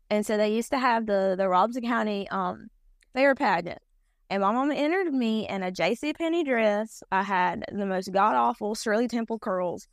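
A woman's voice: mid-range voice, dry recording, studio quality. A woman in her thirties from North Carolina with a Southern accent, chatting down-to-earth as a podcast guest with lots of fillers. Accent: Southern US, eastern North Carolina. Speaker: podcast guest, pageant titleholder. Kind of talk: casual conversation.

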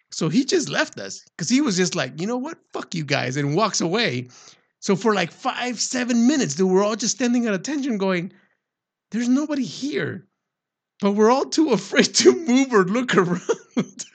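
A man casually telling a lively, profane story with frequent laughter. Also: sits high. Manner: animated, swearing, laughs while telling stories. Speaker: former Marine recruit.

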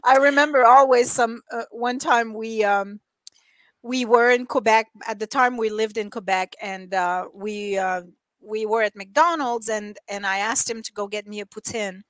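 A woman with a slight French-Canadian accent, chatting casually and telling animated stories, laughing often and acting out other people's voices. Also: a little high, normal speed, dry recording. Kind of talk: casual chat.

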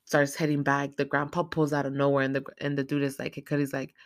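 Casual, foul-mouthed film recapper with a middle-range voice and a dry, close sound; animated retelling, full of slang. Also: medium pitch, fast talker, no echo. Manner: acts out characters' lines in quotes. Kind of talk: casual movie plot recap.

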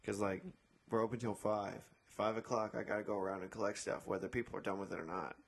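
A man with a lowish, steady, creaky and husky voice talks fast. He works as a beach umbrella attendant and is casually retelling a run-in with a customer, playing both parts and swearing a lot as he tells the story.

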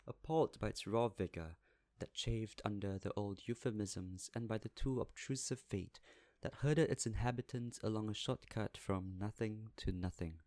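A man narrating a classic novel as an audiobook, in a measured, even way. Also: lowish voice, dry recording. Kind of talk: scripted narration.

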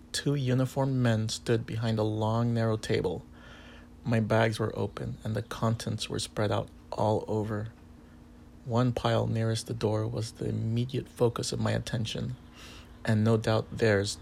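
A man narrating a first-person erotic story in a calm, even way. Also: fairly low pitch, creaky, slight background noise.

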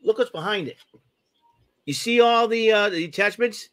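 A man's voice: high voice, moderate pace, fairly bright tone. Rambling enthusiastic man on a podcast. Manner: rambling, enthusiastic show-and-tell with many fillers. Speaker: podcast co-host. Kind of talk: casual chat.

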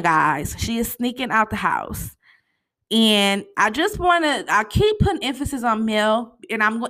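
A woman giving a casual, chatty recap of a TV episode, talking to her viewers in an animated way and often tossing in "you know" and "honey". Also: a little high. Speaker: TV show recap host.

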